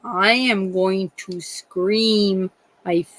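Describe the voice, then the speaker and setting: A woman's voice: medium pitch, steady tone, extremely slow, heavy background noise. A woman hosting a true crime livestream, talking in a rambling, indignant way with many restarts and some swearing. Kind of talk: casual livestream chat.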